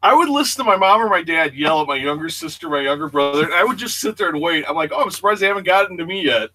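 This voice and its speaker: A man in his forties, hosting a casual chat show and telling a lively story in which he acts out voices and sounds. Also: a little high, fast, no echo. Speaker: show host.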